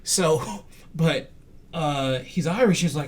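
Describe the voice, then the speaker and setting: A man's voice: on the high side, takes it slowly. A man talking casually on a podcast, telling a story with energy and dropping his voice to quote others. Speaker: podcast host. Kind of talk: casual conversation.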